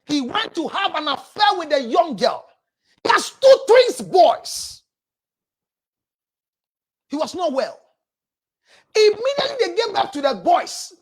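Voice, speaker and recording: A Ghanaian woman with a very high voice gives blunt relationship advice as a counselor. Her pitch leaps and falls all the time. She scolds her listeners and keeps breaking into shouts.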